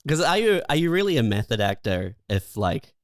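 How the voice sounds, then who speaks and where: Male co-host, animated wry chat, dry close sound. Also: medium pitch, moderate pace, no echo. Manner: wry, laughs often, lively delivery. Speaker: podcast co-host. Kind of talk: casual comedic chat.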